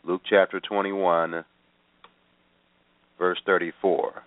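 A man's voice: low-pitched, little pitch movement, slow pace, no echo. A man hosting a radio Bible teaching program, talking earnestly and repeating himself with fillers. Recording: tinny phone-line sound.

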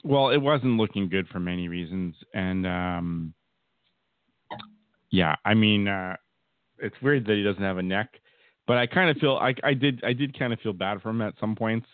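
An easygoing man with a fairly low voice co-hosts a casual podcast, often hesitating and letting sentences trail off. The sound is thin and phone-like, with a dry, close feel. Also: normal speed, no echo. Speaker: podcast co-host. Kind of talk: casual chat.

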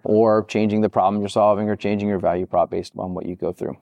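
Male podcast guest, quick and animated delivery, dark low voice, dry sound. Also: no room sound. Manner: energetic, acts out quoted people in higher voices. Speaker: podcast guest, product expert. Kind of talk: conversational interview.

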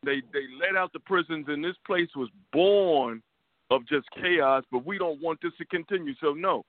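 A man's voice: a little high, moderate pace, no echo. A man co-hosting a talk radio show, heated and profane, repeating words as he goes. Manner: stammering repetitions, heated and profane. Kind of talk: casual political talk radio. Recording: tinny phone line.

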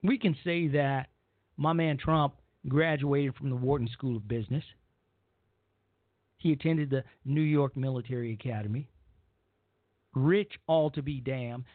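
On a dry, narrow, phone-like recording, a talk radio host with a mid-range male voice rambles through a blunt opinion monologue, frequently repeating himself.

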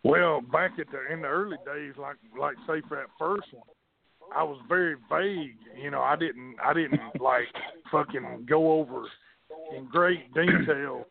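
Man, gravelly and fairly high-pitched, profane rambling storyteller, tinny phone line. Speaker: wrestling promoter, guest. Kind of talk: casual storytelling.

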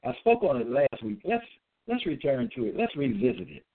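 A man delivering a slow religious monologue in an emphatic, repetitive way, spelling out letters and restarting his sentences with frequent hesitations. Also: mid-range voice, sing-song. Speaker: self-styled religious teacher. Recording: tinny phone-like sound.

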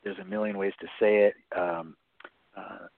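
A man's voice: low-pitched, fairly even intonation, moderate pace, vocal fry, dry recording. A man speaking as a guest author on a radio interview, explaining things chattily and often checking in with "right?". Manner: chatty, frequent "right?" tags and laughs. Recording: tinny phone line on radio.

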